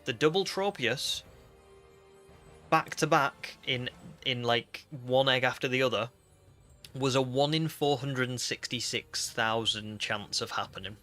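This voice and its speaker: British male streamer, bright chatty voice, rambly, faint music behind. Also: medium pitch, unhurried. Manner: chatty, reads chat aloud, rambling with fillers. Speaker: game streamer. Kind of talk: casual live-stream chat.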